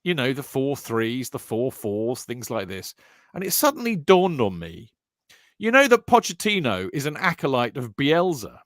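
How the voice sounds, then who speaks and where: A football podcast co-host with a medium-pitched voice speaks at a moderate pace while bantering casually and animatedly with his friends. He stammers through restarts and calls people mate, and the studio sound is clean with no room sound.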